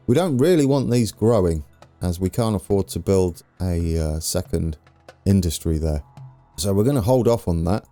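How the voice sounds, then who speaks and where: Low, mellow-voiced man narrating gameplay. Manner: chatty, self-mocking, thinking aloud while playing. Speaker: let's play host. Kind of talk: casual gameplay commentary.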